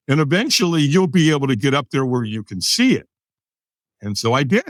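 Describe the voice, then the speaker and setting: Very animated and brisk, this fairly high-pitched man in his sixties tells a personal story as a podcast guest from the US. He vividly acts out the people he quotes, and the recording sounds dry.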